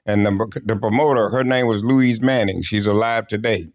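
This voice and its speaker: Older man telling lively stories. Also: medium pitch, moderate pace. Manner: lively anecdotal storyteller who acts out quotes. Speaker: interview guest. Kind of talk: casual storytelling interview.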